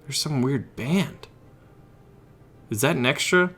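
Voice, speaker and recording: Bright-voiced joking gameplay commentator man. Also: mid-range voice, slow pace, slightly rough. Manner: joking, excitable, talks to himself and enemies. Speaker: gaming channel host.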